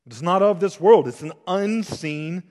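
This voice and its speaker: A man's voice: high voice, animated, normal speed. Preaching man in a reverberant hall. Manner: swings between loud emphasis and hushed intensity. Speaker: pastor. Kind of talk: expository sermon.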